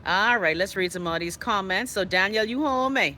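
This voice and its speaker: A woman's voice: mid-range voice, a little fast, bright, forceful tone, a little hiss or hum. A Bahamian woman hosting a live online show, chatting casually and outspokenly as she reads viewer comments aloud. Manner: chatty and outspoken, with playful dialect asides. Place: indoors.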